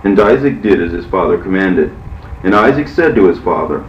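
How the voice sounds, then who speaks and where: A man narrating an ancient religious text in a measured, solemn way, heard from far off in an echoey space. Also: low-pitched, expressive, lo-fi sound, slight background noise. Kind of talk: scripture reading.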